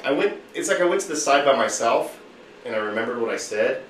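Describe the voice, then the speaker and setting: A boisterous man with a bright, forceful voice tells a rowdy story, swearing freely and acting out the other people in it. He sits back from the mic in an echoey room with faint noise behind him. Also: medium pitch, a little fast, far from the mic. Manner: profane, boisterous storyteller who acts out quotes. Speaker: podcast host telling a story. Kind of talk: casual storytelling among friends.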